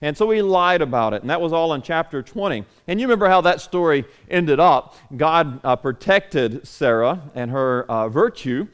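A man's voice: on the high side, animated, moderate pace, few pauses, smooth. A man reading scripture aloud, then explaining it in a conversational Bible lesson full of rhetorical questions. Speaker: Bible study teacher.

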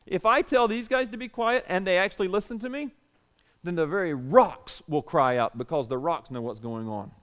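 A pastor voicing a calm savior figure, speaking slowly and firmly. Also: male voice, high voice. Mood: firm, solemn. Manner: slow, solemn, firm.

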